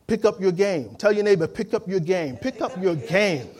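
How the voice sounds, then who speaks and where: A pastor with a high voice gives a lively sermon, hammering home each point and calling on the congregation to answer back. He drops into quick impressions of the people he quotes before returning to plain, emphatic preaching.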